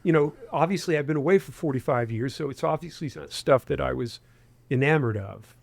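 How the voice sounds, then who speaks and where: A man's voice: medium pitch, brisk, gravelly, dry recording. A man in his sixties from West Virginia, with a faint Appalachian accent, speaking as an interview guest. He rambles, restarting phrases and leaning on fillers. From Huntington, West Virginia. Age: 60s. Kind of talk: conversational interview.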